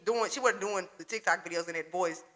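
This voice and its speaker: A young woman co-hosting a casual podcast chat, animated and profane, with slangy talk. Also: fairly low pitch, brisk. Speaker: podcast co-host.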